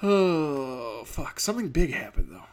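A man's voice: fairly high pitch, big pitch swings, a little slow. A man hosting a casual comedic rant, profane, rambling and darkly sarcastic.

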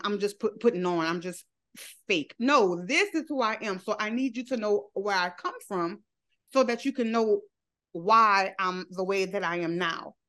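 A woman's voice: a little high, a bit bright. A woman guest in a casual interview, speaking candidly about her life and laughing often as she talks. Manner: laughs often while telling her story; candid and talkative, with loose, run-on phrasing. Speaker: interview guest, social media creator.

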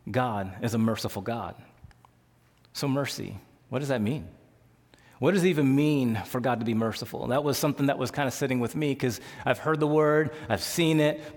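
A male pastor preaches in a conversational, animated way, often restarting his sentences. His voice sits a little high for a man, and a long reverb trails every phrase. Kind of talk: sermon.

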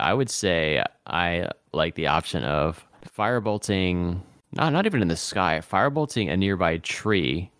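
A man's voice: sits low, fairly bright tone, clean tone, no echo, clean studio sound. A man playing as a guest in a tabletop game, methodically talking through plans step by step. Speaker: guest player.

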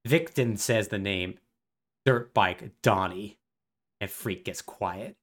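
A man's voice: on the low side, takes it slowly, fairly bright tone. A man co-hosting a podcast, sarcastically recapping a video game plot in casual chat and acting out lines. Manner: sarcastic and wry, acts out the characters' dialogue. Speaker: podcast co-host.

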